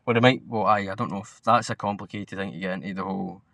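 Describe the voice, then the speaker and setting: A man's voice: lowish voice, steady tone, fast, creaky, a bit bright, no room sound. A young Scottish man co-hosting a podcast, chatting casually about football in a blunt, sweary, rambling way. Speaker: podcast co-host.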